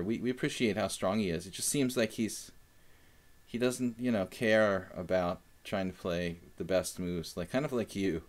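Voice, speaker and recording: A young man chatting casually while analyzing chess moves on a live stream, thinking aloud with fillers. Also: low voice.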